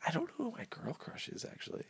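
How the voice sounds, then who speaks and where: A man's voice: fast talker, a bit bright. A young man hosting a casual podcast chat, playful and laughing often. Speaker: podcast host.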